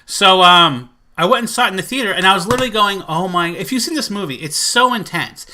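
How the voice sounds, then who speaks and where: A man chatting casually in a collection vlog, rambling and excitable, full of fillers. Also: high-pitched, fast, a little hiss or hum. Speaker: movie collector vlogger.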